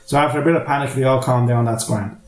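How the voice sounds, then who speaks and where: An Irish podcast host recaps a film casually, rambling, swearing, and laughing along the way. His mid-range voice is steady and quick, with a reverberant sound.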